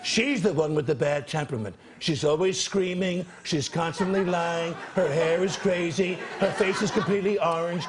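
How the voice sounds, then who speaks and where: An actor playing a brash, boastful president in a sketch comedy impression, with pouty, drawn-out phrasing. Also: male voice, fairly high pitch, natural voice. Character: brash, boastful male president, late middle-aged. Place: TV studio stage with live audience. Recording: noisy broadcast TV audio.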